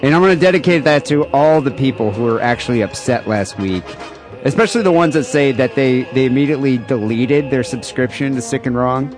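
A man co-hosting a podcast in casual, irreverent chat, animated and often restarting his sentences. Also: mid-range voice, brisk, over music. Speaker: podcast co-host. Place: home studio in LA.

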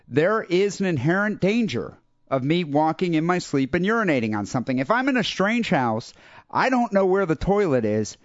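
A young adult man hosting a podcast, telling a rambling story in a casual, animated way and acting out other people's lines. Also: a little high, no echo. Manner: animated, quotes people in raised voices. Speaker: podcast host. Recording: dull lo-fi dry podcast audio.

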